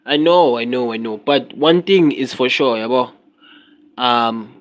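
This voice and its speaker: South African man, livestream chat, rambling, switches languages, mid-pitched. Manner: animated, rambling, code-switching.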